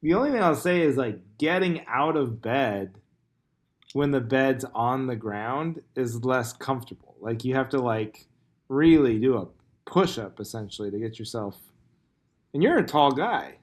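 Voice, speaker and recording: A man's voice: medium pitch, lively intonation, measured pace. A man hosting a casual comedy podcast, rambling and joking with lots of fillers. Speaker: podcast host.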